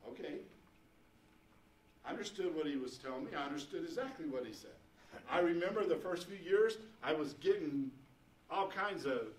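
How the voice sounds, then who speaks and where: A man's voice: sits high, very animated, normal speed. A man preaching a sermon to his congregation, folksy and conversational, rising to fervent emphasis. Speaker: pastor. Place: church sanctuary. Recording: echoey church room, mic at a distance.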